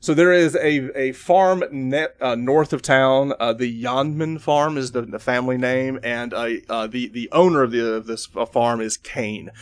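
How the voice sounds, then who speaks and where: Male game master, mid-pitched, loose rambling narration full of fillers. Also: steady tone, moderate pace, few pauses. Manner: rambling, many fillers and restarts.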